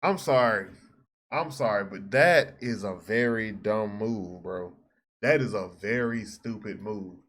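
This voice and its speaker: A man's voice: on the low side, unhurried, a bit bright. A man giving casual reaction commentary with blunt jokes. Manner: blunt, joking asides. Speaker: reaction host.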